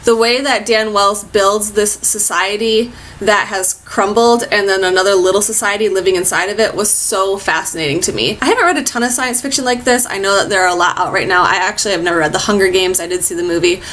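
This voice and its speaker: A woman reviewing books in a casual, chatty way, gushing and animated as she talks. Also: medium pitch, brisk, few pauses, slight background noise. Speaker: book reviewer. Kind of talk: casual book review chat.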